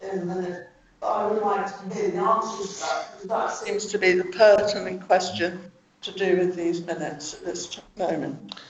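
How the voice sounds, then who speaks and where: A man councillor speaking in a measured, hesitant but firm way during a council debate. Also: high voice, steady tone, a little hiss or hum. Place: town hall council chamber. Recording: dull, echoey room sound.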